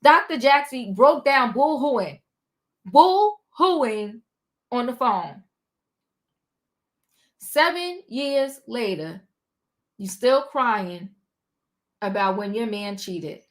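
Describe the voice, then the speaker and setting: A woman hosting a livestream, recapping a reality show in sassy, animated casual chat. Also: fairly high pitch, very slow, long pauses. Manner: animated, sassy, talks back to the people she recaps.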